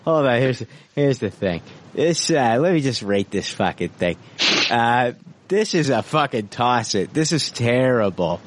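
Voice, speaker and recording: A man hosts a podcast in loose casual chat. He swears freely and rambles, filling pauses with lots of uhs. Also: medium pitch, expressive, background noise. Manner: profane, rambling, many fillers. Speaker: podcast host.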